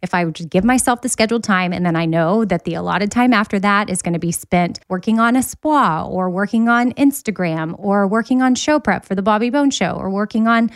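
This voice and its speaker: A woman hosting a podcast, chatting casually and telling stories with quick asides. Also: mid-range voice, dry recording. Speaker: podcast host. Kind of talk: casual chat.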